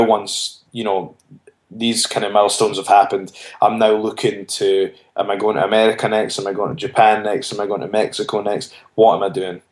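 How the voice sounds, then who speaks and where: A man, a wrestler being interviewed, telling his story earnestly and often restarting his phrases. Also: on the low side. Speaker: wrestler guest. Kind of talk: casual interview chat. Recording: roomy echo.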